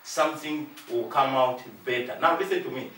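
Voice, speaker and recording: A man's voice: medium pitch, normal speed, a bit bright, a little hiss or hum. A man preaching a sermon as pastor, pressing his points with repetition and acting out short exchanges in different voices. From Zambia. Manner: preaching with emphatic repetition and acted-out dialogue. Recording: echoey room, voice from far off.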